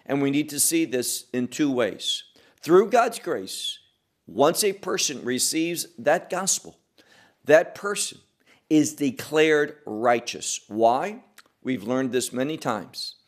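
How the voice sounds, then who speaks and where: Slow, emphatic male preacher. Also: mid-range voice, animated. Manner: slow, emphatic, rising and falling delivery. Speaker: pastor. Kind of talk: expository sermon.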